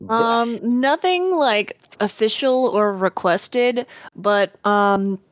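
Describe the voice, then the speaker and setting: Woman player, talks real slow, dry muffled call audio. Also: fairly high pitch, dry recording. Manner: unhurried, hesitant. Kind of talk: casual game chat.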